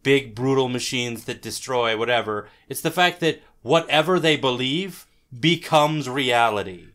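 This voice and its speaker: Mid-pitched man, casual podcast co-host. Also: a little slow, fairly bright tone. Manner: loose and rambling, many filler likes.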